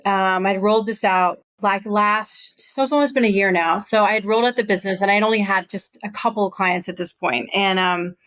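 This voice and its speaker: Woman guest, mid-pitch, conversational and animated, the kind who acts out the people in her stories. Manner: conversational, animated storytelling with quoted voices. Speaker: guest, recruiting firm founder. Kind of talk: podcast interview.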